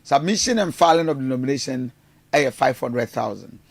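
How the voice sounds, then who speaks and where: A man's voice: mid-range voice, lively intonation, moderate pace, vocal fry, no room sound. A man with a Ghanaian accent giving rambling, hesitant political commentary, mixing in Twi phrases. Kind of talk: casual news commentary.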